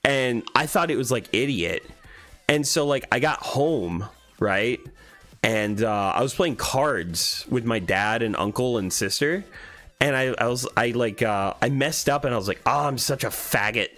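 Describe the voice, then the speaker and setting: A man's voice: mid-range voice, measured pace. A young adult man hosting a casual livestream, reading chat aloud and laughing often as he tells stories. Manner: animated, laughs a lot, reads chat aloud. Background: faint background music.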